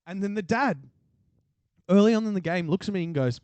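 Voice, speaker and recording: A young Australian man with a notably high-pitched voice hosts a laid-back podcast, spinning jokey stories full of swearing and laughter. The sound is close and dry, with no room around it. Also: expressive, fairly quick, darkish tone, no echo. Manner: joking storytelling, swearing and laughing. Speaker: podcast host. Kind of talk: casual chat. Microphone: studio mic.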